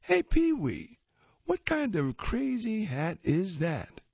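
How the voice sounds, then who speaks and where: A man voicing an excitable young boy from a comic strip in a high, eager voice. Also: slow, vocal fry, husky, no echo, dull audio, heavily acted.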